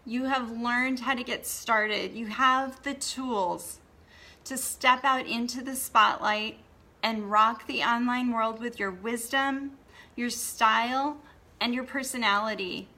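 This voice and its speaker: A woman's voice: fairly high pitch, steady tone, takes it slowly, pushed and bright. A woman hosting a blogging course gives an earnest motivational talk to the camera and often adds "okay?" for emphasis. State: tearful, emotional.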